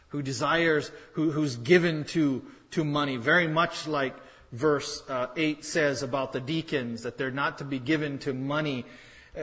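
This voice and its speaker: A man's voice: medium pitch, fairly bright tone. Guy preaching a sermon, chatty and wry, repeats his point, long echoey church hall sound. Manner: conversational preaching, wry asides, pointed repetition. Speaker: pastor.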